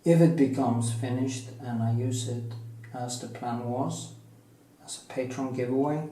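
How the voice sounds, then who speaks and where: A man's voice: medium pitch, fairly even intonation, mellow, roomy sound, slight background noise, low-quality recording. A Norwegian man with a Norwegian accent, musing and joking while he paints in his studio. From Norway. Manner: slow, musing, joking asides. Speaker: painting teacher. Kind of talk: rambling talk while painting.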